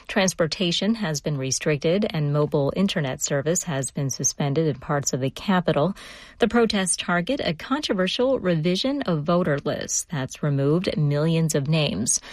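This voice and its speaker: A woman newscaster reading a radio news bulletin from a studio in a steady, measured way. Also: deep voice, dry recording.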